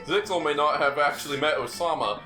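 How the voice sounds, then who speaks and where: A man's voice: on the high side, brisk, reverberant, over music. A young man bantering casually and jokingly with friends during a tabletop game.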